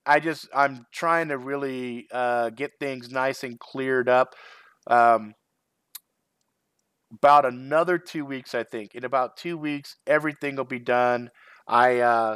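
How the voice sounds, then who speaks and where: A man's voice: mid-range voice, fairly bright tone, smooth, no echo, studio quality. A middle-aged man hosting his own channel, chatting casually on a live stream, rambling and swearing, often breaking into laughter. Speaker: channel host.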